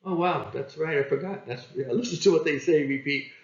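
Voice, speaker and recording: Man, sales coaching talk, slightly high voice, echoey room, dull lo-fi sound, plain-spoken. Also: a little fast. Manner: plain-spoken, acts out phone calls. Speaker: sales trainer.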